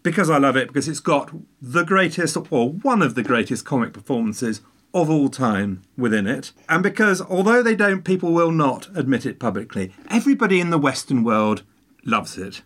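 A man chatting at length about a favourite film, talkative and jokey, with animated emphasis. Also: on the high side, moderate pace. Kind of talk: casual film chat.

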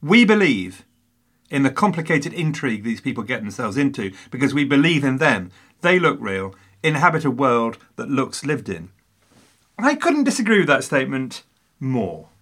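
A man's voice: medium pitch, very animated, normal speed, a bit bright. A man talking films in a casual chat, his voice swinging widely up and down as he makes his case. He sounds theatrical and emphatic, and he teases his co-host as he argues. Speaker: podcast co-host. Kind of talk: casual film discussion.

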